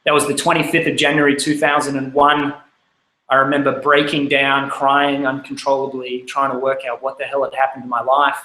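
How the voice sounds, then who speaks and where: A man in his thirties with an Australian accent telling his life story, candid and lively as he acts out his younger self. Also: mid-range voice, brisk, reverberant, poor audio. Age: 30s. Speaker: speaker. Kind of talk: personal life story talk.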